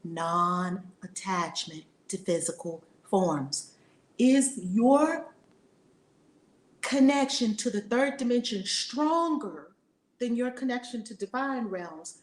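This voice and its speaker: A middle-aged woman in an echoey room teaches spiritual lessons with blunt, emphatic force. She repeats key phrases, drops to a hush, then rises again, swearing casually. Her pitch sits in an ordinary middle range for a woman. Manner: emphatic, repetitive, swings between loud and hushed. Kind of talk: impassioned spiritual talk.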